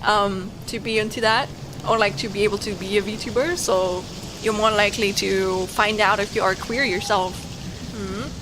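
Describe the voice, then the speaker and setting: A woman's voice: medium pitch, fairly even intonation, moderate pace, noisy background. A woman with a German accent, a VTuber host chatting casually and giggling while recapping a story game. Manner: giggly, rambling with many fillers. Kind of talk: casual game-stream chat.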